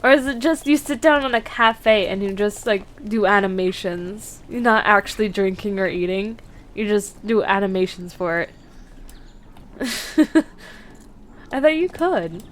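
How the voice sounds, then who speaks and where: A woman's voice: medium pitch, unhurried, long pauses, slight background noise. A woman streamer chatting casually and laughing at herself while playing a horse-riding game. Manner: chatty, giggly, self-deprecating. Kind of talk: casual gameplay commentary.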